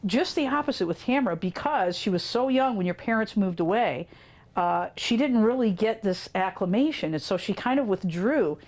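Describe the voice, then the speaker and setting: A woman telling fond family stories in an interview, animated and laughing often as she recalls them. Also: mid-range voice, normal speed. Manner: animated, laughs often, quotes children in dramatic voices. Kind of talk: casual storytelling in an interview.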